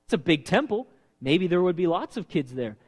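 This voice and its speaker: A man preaching a sermon as pastor, animated and asking his listeners questions. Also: high-pitched, moderate pace, husky. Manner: animated, asks the congregation questions. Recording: long reverb of a hall.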